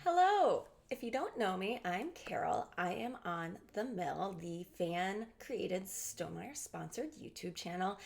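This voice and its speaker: Enthusiastic woman creator, bubbly delivery, gravelly fry. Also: on the high side. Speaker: guest content creator. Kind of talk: recorded video segment.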